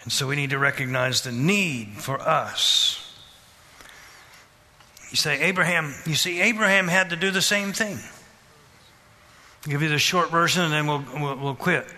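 A man preaching a sermon, questioning the congregation and repeating phrases in a steady rhythm. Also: on the high side, moderate pace, pauses often. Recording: reverberant hall.

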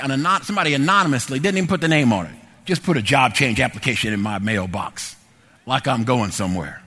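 A man's voice: mid-range voice, a little fast. A middle-aged man preaching and telling a personal testimony, emphatic and repetitive. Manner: emphatic, repetitive, animated storyteller. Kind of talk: sermon testimony storytelling. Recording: echoey hall reverb.

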